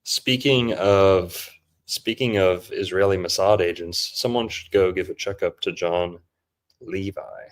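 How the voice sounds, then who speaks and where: A man's voice: low voice, unhurried. A man hosting a podcast in casual chat, joking and mocking as he riffs. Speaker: podcast host.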